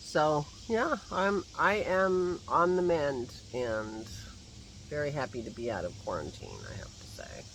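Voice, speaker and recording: A man's voice: fairly high pitch, lively intonation, measured pace, fairly bright tone, slight background noise. A man with a slight lingering cough, rambling casually while filming himself on a phone out in his garden. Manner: rambling, chatty, laughs to himself. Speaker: vlogger. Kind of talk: casual chat. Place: outdoors in a garden. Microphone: phone held at arm's length.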